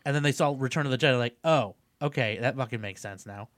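A man co-hosting a podcast in casual chat, swearing casually in lively talk. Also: mid-range voice, fast talker, dry recording, clean studio sound. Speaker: podcast co-host.

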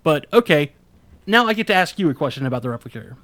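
A man's voice: on the high side, sing-song, fast talker, a bit bright, no room sound. A man co-hosting a podcast, chatting casually and rambling, with casual swearing. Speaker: podcast co-host. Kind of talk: casual chat.

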